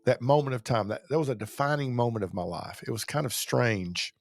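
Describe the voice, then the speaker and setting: A man's voice: mid-range voice, lively intonation, a little fast, vocal fry, dry recording. A middle-aged man from Georgia with a Southern accent, talking casually to camera as a channel host, rambling with fillers and restarts. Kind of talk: casual motivational talk to camera.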